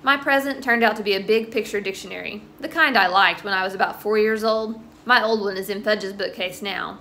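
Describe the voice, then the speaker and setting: A woman reading a children's chapter book aloud, narrating in first person with expressive, dry asides. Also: medium pitch, a little fast. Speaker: storybook reader.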